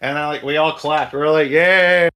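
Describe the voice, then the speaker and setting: A man telling a story in casual podcast chat, animated and profane, acting out the people he quotes. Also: fairly high pitch, a little fast. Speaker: podcast host.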